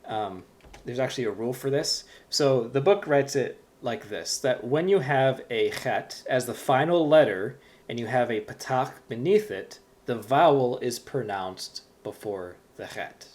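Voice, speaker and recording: A man's voice: medium pitch, expressive, measured pace, darkish tone. A man teaching a Hebrew reading lesson, patiently explaining step by step with frequent fillers.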